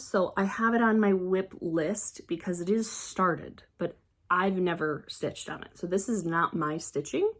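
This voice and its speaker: A woman chatting casually as a crafting vlogger, excitable and rambling, often trailing off and restarting. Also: fairly low pitch. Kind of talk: casual show-and-tell chat.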